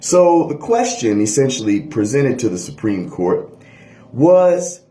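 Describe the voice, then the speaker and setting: Animated male history lecturer, echoey room. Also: medium pitch, unhurried. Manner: animated lecturing, frequent "all right?" checks. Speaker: history teacher. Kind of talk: lecture video.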